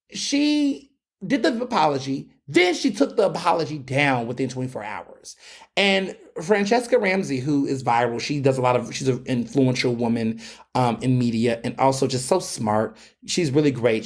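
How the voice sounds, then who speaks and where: A man hosting a podcast, giving casual, profane and emphatic commentary. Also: fairly high pitch. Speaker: podcast host.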